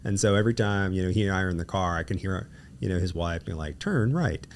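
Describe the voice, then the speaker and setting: A man's voice: deep voice, fast, a little hiss or hum. A man with a Gulf South accent hosting a casual interview, telling stories and acting out quotes. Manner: animated storyteller, acts out quotes. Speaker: podcast host, lawyer.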